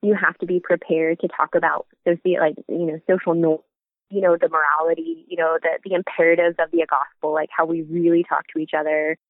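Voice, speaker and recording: A woman's voice: deep voice, level tone, fairly quick, dry recording. A middle-aged woman chatting casually as a parenting podcast co-host, telling stories and laughing now and then. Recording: phone-like remote audio.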